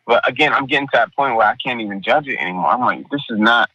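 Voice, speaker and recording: This is an artist guest, a male painter whose medium-pitched voice runs very fast with a breathy edge. He talks animatedly and casually in the interview, freely profane, and mimics the people he quotes. The sound is lo-fi with no room sound.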